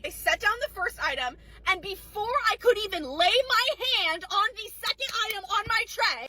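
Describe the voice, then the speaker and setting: A woman's voice: very high voice, pushed and bright, a little hiss or hum. A nineteen-year-old woman, a restaurant server, telling an angry, profane storytime rant about a customer. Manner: profane, exasperated, mimics customers.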